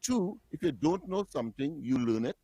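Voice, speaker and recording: A man's voice: on the high side, lively intonation, moderate pace, warm tone, husky, no room sound, studio quality. A man hosting a morning talk radio show, bantering, laughing often and repeating words as he works through them.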